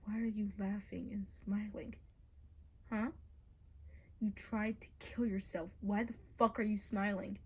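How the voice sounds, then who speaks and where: A young woman voicing a gruff, hot-tempered teenage boy hero who swears and shouts, in a fan audio drama. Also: medium pitch, level tone, unhurried, lo-fi sound. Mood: angry. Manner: angry, swearing, raising voice.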